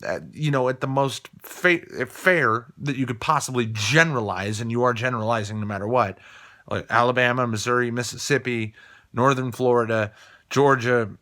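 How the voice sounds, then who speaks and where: A man's voice: mid-range voice, moderate pace, pushed and bright. A man from Colorado delivering a heated, profane opinion rant, hammering points home by repeating phrases. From Colorado, USA. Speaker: political commentator.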